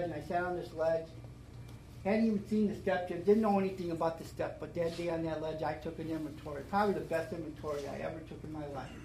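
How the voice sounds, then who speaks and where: A middle-aged man giving a personal testimony at a recovery meeting, earnest and repetitive, building to loud emphatic declarations. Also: high-pitched. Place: meeting room. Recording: echoey room with faint background hum.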